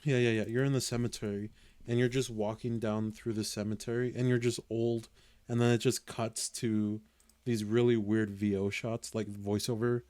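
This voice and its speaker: A man's voice: lowish voice, level tone, normal speed, a little mellow, no echo. A man co-hosting a podcast in casual chat, talking hesitantly and searching for his words. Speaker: podcast co-host.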